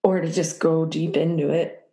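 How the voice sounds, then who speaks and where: A woman's voice: deep voice, steady tone, moderate pace, warm tone. A woman in her thirties, a podcast guest speaking casually with lots of filler words and frequent laughter, recorded in a room at her home. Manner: rambling, filler-heavy, laughs often. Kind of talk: casual conversation. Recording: roomy echo.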